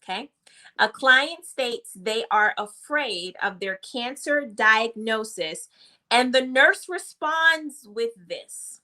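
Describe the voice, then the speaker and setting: A woman's voice: on the high side, expressive, slow, pushed and bright. A woman tutoring nurses in a live-streamed exam review class, chatting with viewers and repeating each question.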